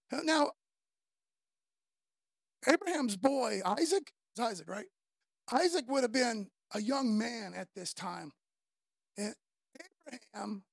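Gravelly high-voiced woman preaching. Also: takes it slowly, long pauses, no echo, studio quality. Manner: slangy, conversational, animated storytelling. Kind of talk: casual sermon.

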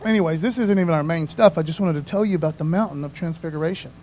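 A man's voice: on the high side, very fast, hardly any pauses, a little mellow, poor audio. A male pastor giving a casual, conversational sermon, often tagging his lines with "man" and "you know what I mean".

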